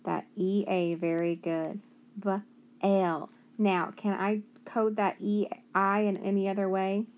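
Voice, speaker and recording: A woman's voice: medium pitch, little pitch movement, a little slow, few pauses, a little mellow, dull audio. A woman teaching a phonics lesson, stretching out word sounds and asking and answering her own questions.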